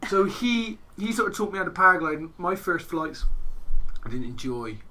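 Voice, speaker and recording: A man's voice: sits high, sing-song, normal speed, sharp tone. A man from England hosting a podcast, telling stories in casual chat and acting out what friends said. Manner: chatty storyteller, acts out quoted friends. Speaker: podcast host.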